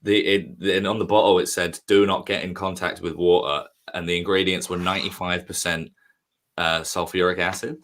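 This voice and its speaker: A comedian chatting casually on a stream, rambling with lots of fillers. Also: male voice, low-pitched, level tone, moderate pace, a bit bright. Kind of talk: casual chat.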